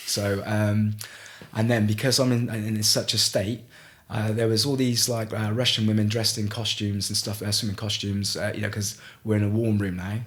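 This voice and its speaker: A middle-aged man from Gloucester, telling a story as a podcast guest in a halting way, with frequent restarts. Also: fairly low pitch, flat delivery. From Gloucester, England. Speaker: guest, ice swimmer. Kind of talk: casual storytelling in a podcast interview.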